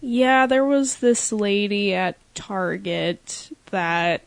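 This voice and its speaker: A woman's voice: medium pitch, extremely slow, creaky, clear, resonant tone, no room sound. Chatty young woman, dry close sound. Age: 20s. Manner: rambling, filler-heavy storytelling. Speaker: podcast co-host. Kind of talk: casual podcast chat.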